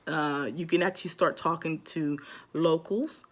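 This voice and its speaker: A woman's voice: deep voice, fairly even intonation, a little slow. A woman talking casually to her vlog audience, giving advice in a rambling way with lots of ums and restarts. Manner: rambling, many fillers and restarts. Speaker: vlogger.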